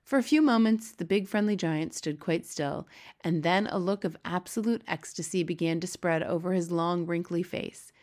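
A woman's voice: fairly low pitch, normal speed, darkish tone. Woman reading a children's story aloud. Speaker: audiobook reader. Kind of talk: storybook read-aloud narration.

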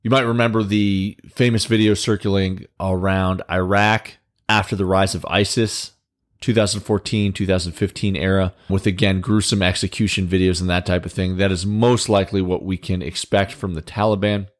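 A male political commentator talks through the news in a casual, conversational way. His voice is on the low side, and he drops in wry, sarcastic asides. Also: level tone, normal speed.

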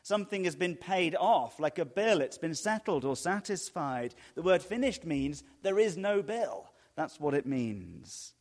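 A man's voice: on the high side, sing-song, unhurried, hardly any pauses. Man preaching a conversational sermon. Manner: conversational storytelling with sudden soft drops. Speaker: pastor.

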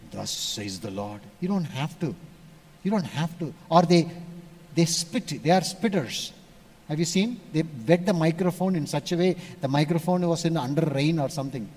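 Male preacher, slightly high voice, storytelling sermon with hushed asides. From India. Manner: storytelling, animated shifts between loud and hushed.

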